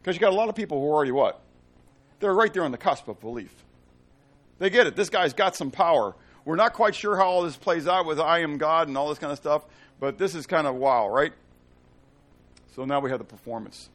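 A middle-aged man preaching a sermon, asking his congregation questions, swinging between loud emphasis and hushed tones. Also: on the high side, expressive, brisk. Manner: asks the congregation fill-in-the-blank questions. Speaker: pastor.

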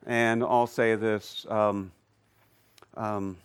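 A man of medium pitch giving an animated Bible lesson to a live group. He keeps questioning the listeners and pushes his voice up when making a point. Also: moderate pace. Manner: animated, quizzes the audience. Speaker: church teacher. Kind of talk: Bible teaching to a class. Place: room with a live audience.

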